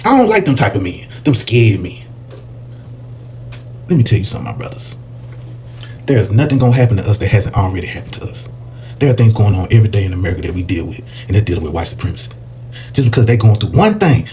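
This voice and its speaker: A man's voice: mid-range voice, fast talker. A man hosting a reaction channel, giving heated, preachy commentary. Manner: preachy, animated, mocking put-on quotes.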